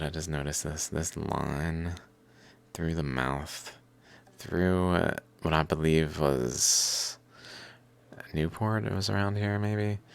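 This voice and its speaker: A man with an extremely deep, gravelly voice rambles slowly through a solo monologue. He drifts between thoughts, swears casually and chuckles to himself, and his drawl stays unhurried throughout. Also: a bit bright. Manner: rambling, swearing, laughs often. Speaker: vlogger.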